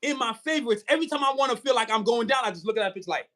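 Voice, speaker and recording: A man's voice: very high voice, expressive, fast, hardly any pauses, a bit bright. A man hosting a casual podcast interview, talking in hyped, streetwise banter. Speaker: podcast host.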